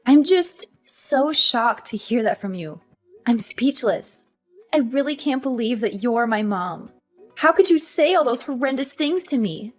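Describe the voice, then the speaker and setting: A woman voicing a hurt but defiant young adult daughter in an animated story, talking in an earnest, emotional way. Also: a little high, unhurried, faint music behind. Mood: pleading.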